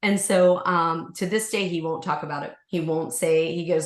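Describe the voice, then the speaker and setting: A woman who teaches yoga, guesting on a podcast and telling a personal story in a lively, casual way, acting out the voices of the people in it and using lots of fillers. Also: lowish voice, normal speed, few pauses. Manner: animated, acts out voices, many fillers. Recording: roomy room echo.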